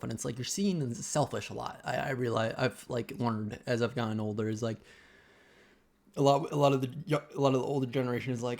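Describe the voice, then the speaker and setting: A man's voice: mid-range voice, vocal fry, a little mellow. Rambling young man venting to camera. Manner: rambling and halting, constantly restarting sentences. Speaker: vlogger. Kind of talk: casual personal rant to camera.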